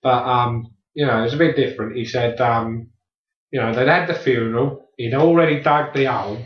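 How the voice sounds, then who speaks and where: A man's voice: mid-range voice, moderate pace, reverberant, recorded from a distance. A blustering man riffs through an improvised comedy sketch, sounding set back from the mic. The room rings around his voice. The recording is dull and lo-fi, like an old demo tape. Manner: blustering pub-bloke banter, heavy swearing.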